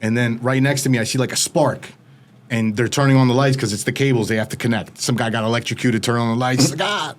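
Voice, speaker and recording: Male podcast guest, middle pitch, vivid casual storyteller, studio mic. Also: fairly even intonation, quick pace. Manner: vivid storytelling with frequent "like" fillers. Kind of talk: recounting a personal story.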